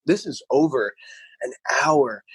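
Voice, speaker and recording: Husky-voiced man telling a story. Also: mid-range voice, takes it slowly, no echo, rough recording. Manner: rambling, repeats words, animated storytelling. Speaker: podcast co-host. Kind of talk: casual chat.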